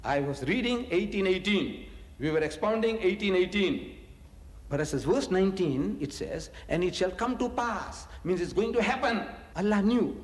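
A man giving a religious lecture, animated and full of rhetorical questions, chuckling often. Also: sits high, moderate pace. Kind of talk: preaching lecture to an audience. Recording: echoey hall reverb.

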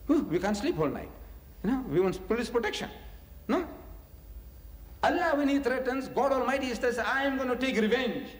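Animated man preaching in echoey hall. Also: extremely high pitch, moderate pace, long pauses. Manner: animated, rhetorical questions, chuckles often. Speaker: religious lecturer. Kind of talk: preaching lecture to an audience.

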